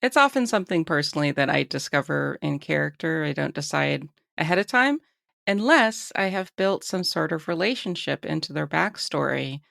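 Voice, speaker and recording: A woman hosts a podcast and asks friendly questions in a relaxed way. Her voice is on the low side with a gravelly fry, and the recording is dry. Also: normal speed, no room sound. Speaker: podcast host and interviewer. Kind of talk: casual interview questions.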